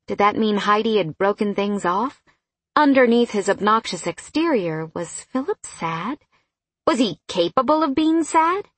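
A woman narrating a novel in a steady, scripted reading style on a close studio mic. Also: mid-range voice, husky, no room sound. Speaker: audiobook narrator.

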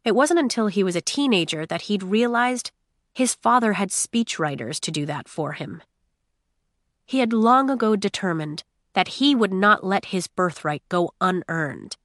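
A woman narrating a novel in measured, expressive storytelling. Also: medium pitch, no echo, studio quality. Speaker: audiobook narrator. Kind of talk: scripted narration.

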